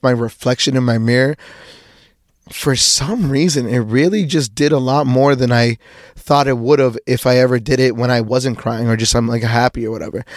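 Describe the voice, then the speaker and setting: A man's voice: mid-range voice, dry recording. Young guy rambling on his own podcast, swears a lot, restarts constantly, dead dry sound. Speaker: podcast host. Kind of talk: casual personal monologue.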